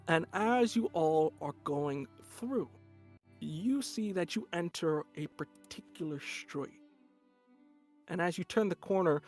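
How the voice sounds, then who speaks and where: A man running a tabletop game as game master, narrating in a casual, rambling way. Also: a little high.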